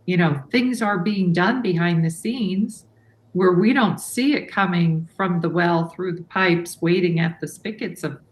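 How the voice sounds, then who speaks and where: A woman speaking as a show guest in casual chat, slow, flowing and soft-spoken. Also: lowish voice. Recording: echoey room with faint noise.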